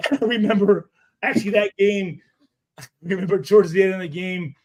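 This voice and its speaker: Casting: high-voiced male ex-player, rowdy storyteller, swears freely. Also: normal speed, highs cut off. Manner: profane, animated storyteller. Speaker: former pro football player guest. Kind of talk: storytelling in a podcast chat.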